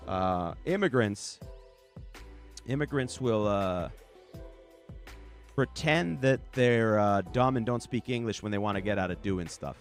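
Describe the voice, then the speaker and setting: This US-based podcast host speaks in a lowish, animated voice, a little slowly and with long pauses, while faint music plays underneath. Reading chat on his own show, he jokes casually with viewers, poking fun through rhetorical questions and brief impressions.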